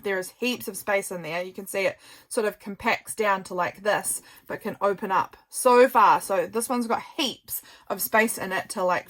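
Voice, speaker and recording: A woman, a journal maker, chatting casually while showing her work, gushing and a little tired. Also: mid-range voice. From New Zealand. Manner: chatty, gushing, softly rambling. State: tired, yawning. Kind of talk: casual craft show-and-tell.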